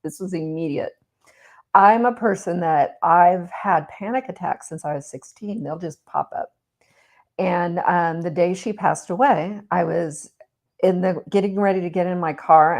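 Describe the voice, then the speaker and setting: A woman's voice: lowish voice, moderate pace, creaky. A woman co-hosting a casual chat, telling a personal story with frequent laughs. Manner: warm storytelling, laughs often.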